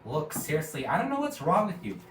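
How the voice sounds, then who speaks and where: A man's voice: fairly high pitch, huge pitch swings, a little fast, fairly bright tone, recorded from a distance, a little hiss or hum, voice pushed up. A man voicing a laid-back young male blue jay from a cartoon, casual and exasperated, in an echoey room away from the mic. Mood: impatient. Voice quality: exasperated, casual "dude" talk.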